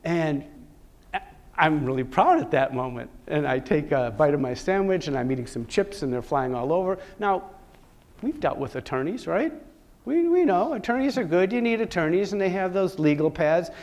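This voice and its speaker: A man with a slightly higher voice speaks from a conference stage, telling a personal story with drama and self-mocking jokes. He moves between hushed moments and bursts of energy as he acts out each conversation. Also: big pitch swings, normal speed.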